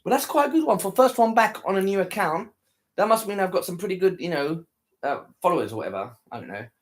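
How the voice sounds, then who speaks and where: A man's voice: sits high, animated, fast. A tired man chatting casually to his viewers after a live stream, rambling, repeating himself and trailing off. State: tired, worn out.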